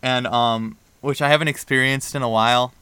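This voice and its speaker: Young man, podcast co-host, bright crisp voice, dry close mic, lively storytelling. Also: medium pitch, moderate pace, no echo. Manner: animated storyteller, acts out quoted dialogue. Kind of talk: casual chat, storytelling.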